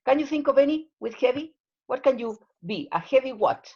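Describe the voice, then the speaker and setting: A woman's voice: sits high, animated, brisk, husky, highs cut off. A woman teaching an English class over a video call, explaining patiently with plenty of fillers.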